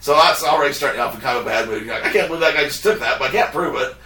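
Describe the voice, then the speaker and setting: A man's voice: medium pitch, rapid-fire, roomy sound, far from the mic. A man hosting a podcast, telling a story in casual chat and acting out what others said. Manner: animated, acts out quotes of others. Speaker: podcast host.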